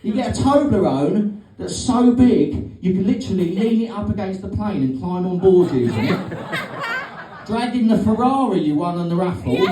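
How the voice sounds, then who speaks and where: A man's voice: high-pitched, animated, normal speed, dark tone. A middle-aged man doing a rambling, sweary, sardonic stand-up comedy set on a club stage. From Britain. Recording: roomy stage sound from a distance.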